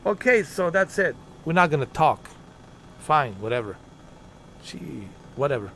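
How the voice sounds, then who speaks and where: A man's voice: a little high, sing-song, a little slow, long pauses, a bit bright, slight background noise. A man livestreaming a flight game, rambling in an exasperated, joking way and muttering asides under his breath. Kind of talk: casual gaming commentary.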